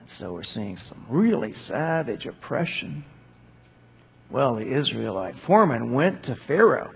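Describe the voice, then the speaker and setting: Husky man teaching in an echoing hall. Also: mid-range voice, very animated, measured pace. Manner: conversational with asides and acted quotes. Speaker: Bible teacher. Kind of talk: casual Bible commentary. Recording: long hall reverb.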